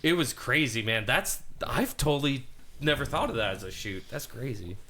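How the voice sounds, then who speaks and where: A man with an English Canadian accent co-hosting a podcast, telling stories in an animated way and laughing often. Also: medium pitch, normal speed, a crowd in the background. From Montreal, Canada. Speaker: podcast co-host. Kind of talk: casual chat.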